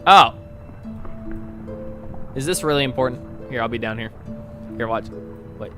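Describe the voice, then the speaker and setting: A man's voice: medium pitch, a little slow, bright, forceful tone, faint music behind. A man live-streaming, casually reading online posts aloud to his chat and breaking off with sarcastic asides.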